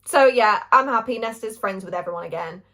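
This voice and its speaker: A woman's voice: mid-range voice, fairly quick, a bit bright. A young woman reviewing a book in casual, gushing chat, swearing freely.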